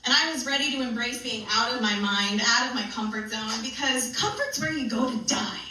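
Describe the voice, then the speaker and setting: Bright-voiced woman, echoey live hall. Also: a little high, fairly quick. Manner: playful and animated, laughing through her story. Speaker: spiritual comedian and speaker. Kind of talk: live comedic storytelling talk. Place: live benefit event hall. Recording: echoey hall, mic from a distance, faint noise.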